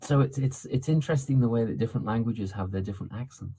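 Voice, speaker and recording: A man hosting a podcast interview, eager and halting, with many fillers and restarts. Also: mid-range voice, mellow, breathy edge. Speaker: podcast host.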